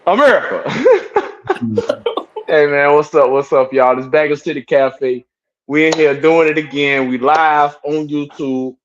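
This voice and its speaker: A man's voice: on the high side, level tone, moderate pace, dull audio. A man hosting a casual live-stream talk show in a laid-back way, repeating his phrases. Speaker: podcast host.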